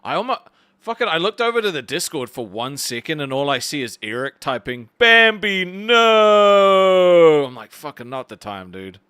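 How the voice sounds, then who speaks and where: A man's voice: medium pitch, lively intonation, a little fast, pushed and bright, no room sound, studio quality. A man co-hosting a live stream in casual chat, thanking donors and swearing casually. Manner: reads super chats, swears casually. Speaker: stream co-host.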